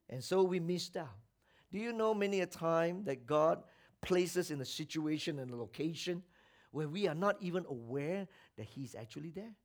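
Male preacher, high voice, slow deliberate delivery, dramatic shifts between loud and hushed. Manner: dramatic swings from loud preaching to near-whisper. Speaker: pastor. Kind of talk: sermon.

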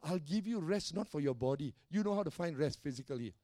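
A man's voice: fairly high pitch, expressive, quick pace, warm tone, dry recording, studio quality. A middle-aged man, a pastor, preaching a sermon emphatically and often tossing questions like "huh?" to the congregation. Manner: emphatic preaching with call-and-response tags.

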